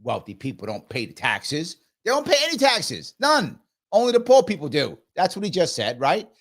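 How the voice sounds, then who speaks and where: A man's voice: on the high side, wildly swooping pitch, normal speed, a bit bright. A man hosting a live reaction show, commenting on a clip in a sarcastic, mocking way.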